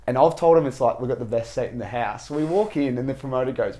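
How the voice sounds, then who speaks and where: A man with an Australian accent hosting a casual chat, telling stories with animated swings between loud and hushed. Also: medium pitch, quick pace, hardly any pauses. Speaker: podcast host.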